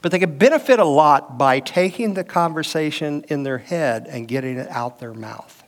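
A middle-aged man teaches a marriage class in an easy, conversational way. His voice sits slightly high for a man, and he slips into quoted back-and-forth from everyday life to make his points. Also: moderate pace. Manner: conversational, uses personal anecdotes and quoted dialogue. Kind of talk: teaching session with audience questions.

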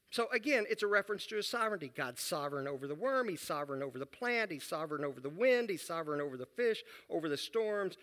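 A man's voice: fairly high pitch, bright, forceful tone. A middle-aged man teaching a conversational Bible lesson in a folksy, self-deprecating way.

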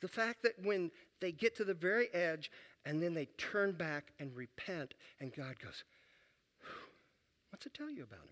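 A man's voice: sits high, lively intonation, moderate pace, a bit bright. A man teaching a Bible lesson in a conversational way, repeating key phrases and asking his listeners questions. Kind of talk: sermon-style Bible lesson.

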